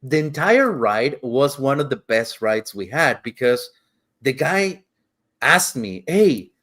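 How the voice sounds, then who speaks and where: Man, podcast co-host, slow easygoing delivery, middle pitch, casual swearing, acts out quotes. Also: big pitch swings, bright, forceful tone. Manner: rambling, swears casually, repeats words; acts out quotes in shifting voices. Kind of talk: casual storytelling chat.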